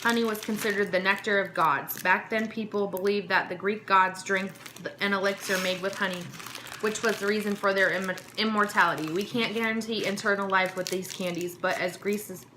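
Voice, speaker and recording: A woman vlogger with a steady, mid-range voice talks briskly over a noisy background while reviewing a snack box. She tastes snacks on camera, talking with her mouth full and stumbling over words as she casually reads card text aloud.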